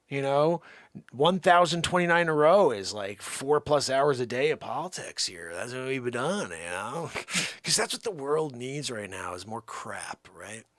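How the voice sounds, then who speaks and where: A man's voice: a little high, a bit bright, dry recording, studio quality. A man hosting a live stream, talking in a rambling, sarcastic, jokey way. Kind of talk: casual live-stream banter.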